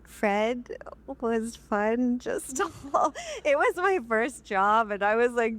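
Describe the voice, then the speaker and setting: A woman on a fan convention panel, answering a question in a giggly, self-deprecating way. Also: medium pitch.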